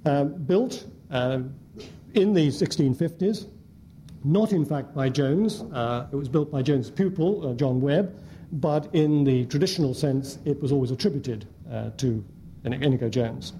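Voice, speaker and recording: Dark-voiced man giving a lecture. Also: mid-range voice, a little hiss or hum. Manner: measured, with frequent hesitant fillers. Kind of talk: academic lecture with slides. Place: lecture hall before an audience.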